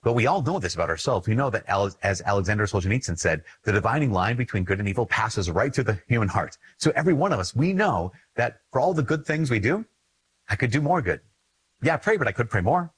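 A man's voice: lowish voice, sing-song, quick pace, slightly rough, no room sound, poor audio. A man with a Minnesota accent, a Catholic priest giving an earnest, conversational talk on faith, repeating phrases for emphasis. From Minnesota, USA. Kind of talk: casual spoken teaching on faith.

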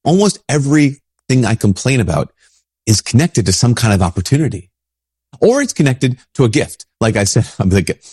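A priest with a stuffy nose from a cold, giving a casual spiritual talk with many restarts. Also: male voice, medium pitch, sing-song, normal speed, a little mellow, slightly rough, no room sound, studio quality. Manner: casual, rambling, frequent restarts. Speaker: Catholic priest.

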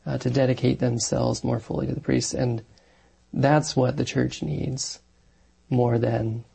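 Married priest guy talking it through, earnest, lots of ums, low mellow gravelly voice. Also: flat delivery, a little slow. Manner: earnest, thoughtful, with frequent fillers and restarts. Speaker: married Catholic parish priest, guest. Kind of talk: conversational interview answers.

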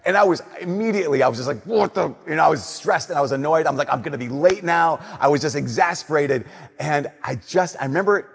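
A man preaching a conversational sermon, telling stories and slowing down softly on his key points. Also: on the high side, lively intonation, gravelly, husky, long reverb tail.

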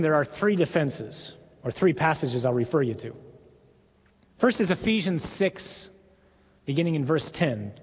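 A man preaching a sermon in an earnest, emphatic way with deliberate pauses. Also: on the high side, breathy edge, long reverb tail.

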